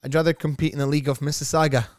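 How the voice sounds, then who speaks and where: Man, podcast co-host, a bit high-pitched, playful, teasing. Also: steady tone, rapid-fire, darkish tone, no echo, studio quality. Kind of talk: casual podcast chat.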